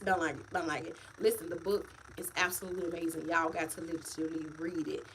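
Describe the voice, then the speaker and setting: A woman author talking casually to her livestream viewers, animated and repetitive, calling them y'all. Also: sits low, fast, slight background noise, poor audio. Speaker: author and vlogger. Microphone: phone or webcam, livestream.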